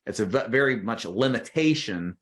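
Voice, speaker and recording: A man's voice: on the low side, animated, a little fast. Man giving casual sales advice. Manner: conversational, frequent "right?" and "you know" tags. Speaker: insurance sales trainer.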